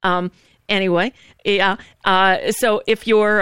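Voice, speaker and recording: A woman's voice: medium pitch, unhurried, fairly bright tone, clear, resonant tone, dry recording, clean studio sound. A woman hosting a live stream, casually describing what is on screen with fillers and asides. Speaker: host.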